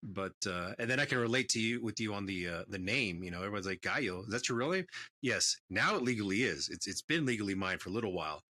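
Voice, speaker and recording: A man's voice: on the low side, lively intonation, fast, hardly any pauses, pushed and bright. A man co-hosting a podcast, giving blunt opinions in casual chat. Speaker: podcast co-host.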